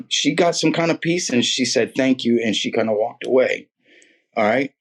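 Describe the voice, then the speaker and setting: A man with a husky, slightly rough voice tells his faith story casually. He talks in a slangy, emphatic way and often repeats words for weight. His pitch sits in an ordinary middle range. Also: moderate pace, a bit bright. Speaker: guest sharing a faith testimony.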